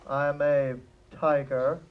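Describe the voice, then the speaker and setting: A man's voice: fairly high pitch, flat delivery, slow pace, highs cut off. A man joking playfully while introducing himself on a convention panel. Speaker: panel co-host. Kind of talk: casual convention panel talk.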